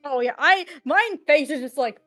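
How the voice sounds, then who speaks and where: A woman taking part in a tabletop role-play as a player, chatting in an excitable way and giggling often. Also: high voice, moderate pace, no room sound, clean studio sound, soft background music. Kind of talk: casual role-play chat.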